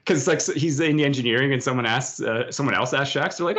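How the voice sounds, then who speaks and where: A man hosting a podcast, chatting casually and retelling scenes with quick put-on voices. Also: medium pitch. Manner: rambling, animated retelling with quoted voices. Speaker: podcast host. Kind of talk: casual chat. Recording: dull lo-fi podcast audio.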